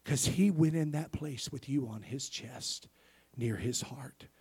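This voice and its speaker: A male pastor's husky, breathy, average-pitched voice carries his sermon at a measured pace. He alternates strong, loud bursts with gentle near-whispers and invites amens from the crowd.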